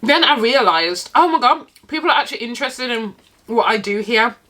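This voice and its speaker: A young woman from Britain chats to her vlog audience from a table, eating as she talks. Her voice sits fairly high and rings bright and forward. She talks emphatically, laughs often and swears freely. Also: lively intonation, fairly quick. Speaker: YouTuber living in Japan. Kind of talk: casual sit-down chat to camera while eating.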